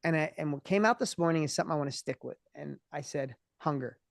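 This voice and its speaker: A man in his fifties, a guest entrepreneur in an interview, talking with passion and often restarting his words when excited. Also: a little high, creaky, dry recording, studio quality. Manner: passionate, acts out other people's voices in quick bursts. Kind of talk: energetic interview conversation.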